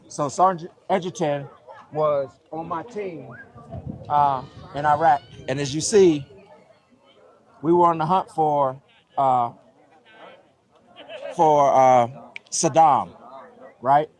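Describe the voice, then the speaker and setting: A man with a somewhat high voice speaks at a youth sports award presentation. He is choked up and heartfelt, and keeps checking in with his listeners as he goes. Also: takes it slowly, long pauses, a little mellow. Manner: heartfelt, often adds "right?". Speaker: organization CEO presenting an award. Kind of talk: emotional award speech.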